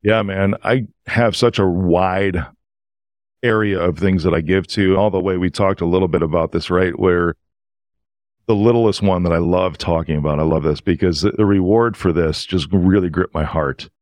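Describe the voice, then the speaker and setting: A man who is a podcast guest, telling stories in an earnest, emotional and animated way. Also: low-pitched, moderate pace, dry recording. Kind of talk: casual storytelling.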